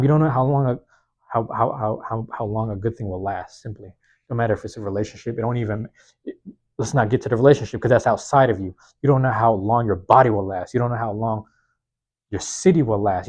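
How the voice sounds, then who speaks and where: A slightly hoarse man hosting his own podcast, talking alone in a casual, slangy way and repeating key phrases for emphasis, recorded with a phone microphone in a small university room. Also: fairly low pitch, darkish tone. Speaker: podcast host. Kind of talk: solo motivational monologue. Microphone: plug-in microphone on a phone.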